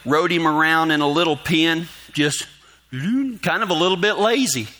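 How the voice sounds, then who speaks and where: A male pastor spins a folksy story in his sermon, his fairly high voice cutting through with a very bright, sharp edge. He chuckles often as he talks. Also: moderate pace.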